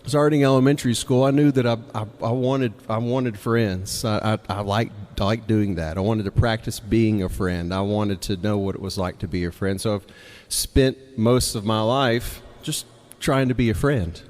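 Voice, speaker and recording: A man's voice: on the low side, fairly even intonation, moderate pace, few pauses, a little mellow. A young adult man from Mississippi with a Southern accent, telling a personal story in a casual, conversational way, laughing now and then and acting out what people said. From Mississippi, United States. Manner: conversational, laughs between lines, acts out quoted voices. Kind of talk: live storytelling. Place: storytelling night, hall with long reverb. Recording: reverberant hall.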